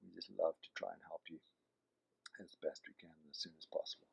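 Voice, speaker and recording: A man's voice: deep voice, level tone, a little fast, gravelly, darkish tone, slightly rough, highs cut off. A middle-aged man, a pastor, giving a conversational, earnest sermon full of asides. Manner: earnest, conversational preaching with frequent "you know".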